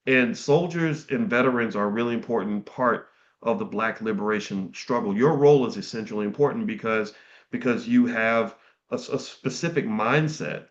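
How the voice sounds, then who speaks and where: A man's voice: lowish voice, moderate pace, lo-fi sound. A middle-aged man hosting a livestream, speaking earnestly to his chat viewers, often repeating words and restarting his sentences. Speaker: livestream host.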